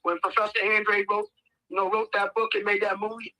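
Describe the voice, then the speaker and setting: A man in his 50s from the United States tells stories as a podcast guest, animatedly acting out the voices of the people in them. His voice sits high and moves a little fast, and the audio quality is poor.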